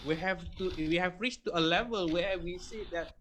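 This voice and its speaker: A man's voice: high-pitched, moderate pace, a bit bright, a little hiss or hum. A man with a Malaysian accent speaking humbly and proudly as a trainer in a casual online meeting, mixing Malay into his English.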